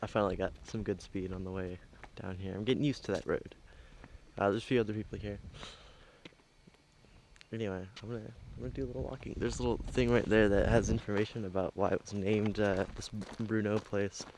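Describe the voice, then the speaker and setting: Low-voiced man rambling on a vlog. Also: steady tone, a little fast, darkish tone, slight background noise, poor audio. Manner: rambling and hesitant, many fillers. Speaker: travel vlogger. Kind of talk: casual vlog narration. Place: outdoors on a trail and a scenic overlook. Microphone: handheld camera mic.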